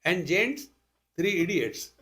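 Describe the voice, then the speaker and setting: Speaking slowly in a high, expressive voice with a bright, forceful tone, this older Indian-accented spiritual teacher addresses an audience. His talk weaves stories together with rhetorical questions and funny asides.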